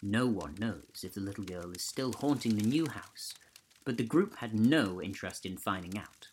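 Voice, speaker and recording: A man hosting a podcast, reading a ghost story aloud in a steady, measured way. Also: lowish voice, slight background noise, low-quality recording. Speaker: podcast host and narrator.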